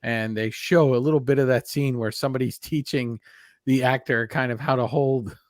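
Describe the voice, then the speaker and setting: A man's voice: medium pitch, fairly even intonation, moderate pace, no echo, studio quality. A man co-hosting a podcast in casual chat, rambling and laughing, often restarting his sentences. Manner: rambling, laughing, self-interrupting. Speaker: podcast co-host.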